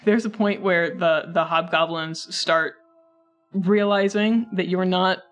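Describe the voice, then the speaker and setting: A woman running a tabletop game, narrating scenes in a relaxed, chatty way with lots of fillers. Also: fairly low pitch, takes it slowly, faint music behind. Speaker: game master.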